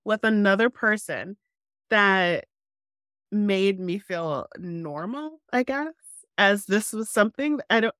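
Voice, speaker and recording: A woman's voice: medium pitch, expressive, slow, a bit bright, clean tone, no echo. A woman co-hosting a podcast, frank and giggly, thinking aloud in casual chat close to the mic. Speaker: podcast co-host.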